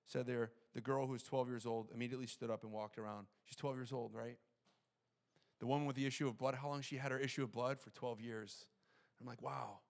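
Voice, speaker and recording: A male pastor preaching a sermon in an animated way, acting out quoted lines and dropping to quiet intensity for tender moments. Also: mid-range voice, fairly quick, gravelly.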